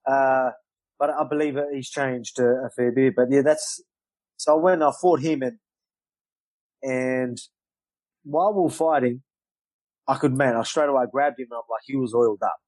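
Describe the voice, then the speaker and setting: Animated man telling a story. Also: medium pitch, normal speed, pauses often, no room sound, rough recording. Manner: animated storyteller, loose swearing, acts out quotes. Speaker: guest, professional fighter. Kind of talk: storytelling in casual interview.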